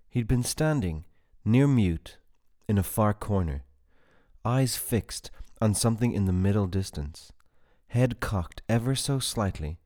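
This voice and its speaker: A man narrates a dark fantasy audiobook in a low voice. He takes his time over each line, reading steadily and evenly. The delivery is measured rather than rushed. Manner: measured and unhurried.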